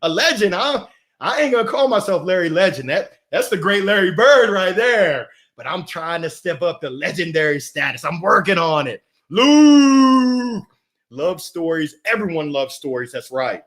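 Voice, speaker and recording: Hyped-up guy hosting a motivational live, high voice all over the place, keeps laughing. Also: very animated, moderate pace, fairly bright tone. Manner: exuberant, laughs often, greets viewers by name. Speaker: host of a live motivational stream. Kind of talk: lively live-stream chat reading comments.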